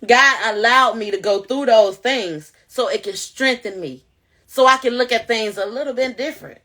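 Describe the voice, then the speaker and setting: Woman vlogger, bright and forceful voice, pitched a little high, preaches straight to viewers. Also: normal speed. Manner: animated, preachy, addresses viewers directly. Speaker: vlogger sharing testimony. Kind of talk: casual spoken testimony to camera.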